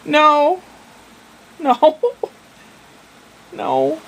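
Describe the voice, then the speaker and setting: An older woman talks in a chatty, meandering video diary, her voice sitting a little on the high side. She pokes fun at herself as she goes, and faint ambient noise hums behind her. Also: sing-song, drawn-out words, fairly bright tone, low-quality recording. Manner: chatty and meandering, self-deprecating. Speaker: vlogger.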